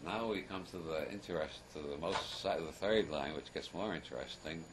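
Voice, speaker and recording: A man's voice: rumbling low, normal speed, hardly any pauses. An older man giving a rambling, humorous talk to a live audience, wry and chuckling, wandering off on self-deprecating asides. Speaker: lecturer. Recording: noisy archival audience recording.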